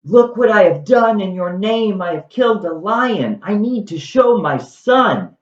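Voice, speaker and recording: A storyteller voicing a frenzied royal mother, shrill and manic, in a retold stage tragedy. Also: lively intonation, measured pace, echoey room, distant mic, muffled recording, natural voice. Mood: triumphant. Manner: shrill, manic, then wailing. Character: grieving frenzied mother, a queen.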